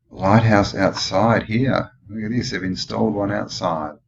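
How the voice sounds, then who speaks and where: An Australian man with a very low, deep voice comments in a loose, rambling way, throwing out questions as he goes. The sound is dull and lo-fi. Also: fairly even intonation, unhurried, vocal fry, hardly any pauses. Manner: rambling, musing, full of questions. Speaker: channel host. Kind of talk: casual commentary over old photos.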